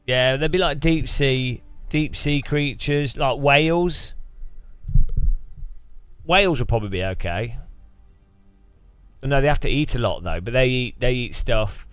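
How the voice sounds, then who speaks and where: A man's voice: mid-range voice, unhurried, long pauses, a bit bright, smooth, no echo, soft background music. A man streaming a game and chatting casually, rambling and joking, with frequent laughs. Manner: rambling, jokey, laughs often. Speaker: gaming streamer. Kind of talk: casual live-stream chat.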